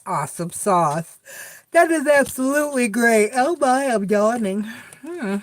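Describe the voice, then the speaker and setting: A woman's voice: fairly high pitch, animated, measured pace, no room sound. A middle-aged woman hosting a casual live tarot chat, blunt and chatty, with frequent swearing as she talks straight to her viewers. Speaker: tarot reader and live stream host.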